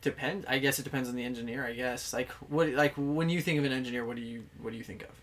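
A man's voice: medium pitch, quick pace, a bit bright. A man who is a guest on a podcast, talking in a laid-back, hesitant and wry way. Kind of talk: casual chat.

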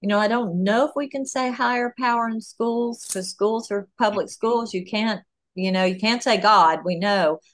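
A woman talks as a podcast guest at a medium pitch. Her speech is animated, with frequent "um"s and "you know"s and sudden lifts in her voice when she gets excited. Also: moderate pace. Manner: animated, talks through ideas with many fillers. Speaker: author and guest. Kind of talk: podcast interview.

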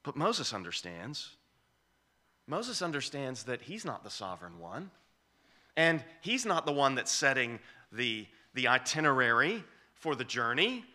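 A man's voice: mid-range voice, sing-song, measured pace, bright, forceful tone. A man preaching an expository sermon, emphatic and repeating key phrases for weight.

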